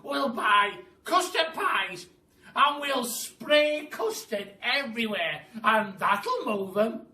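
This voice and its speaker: A man doing a shrill, nasty old woman. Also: expressive, slow pace, pushed and bright, exaggerated voice. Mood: gleeful. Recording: echoey room, mic at a distance.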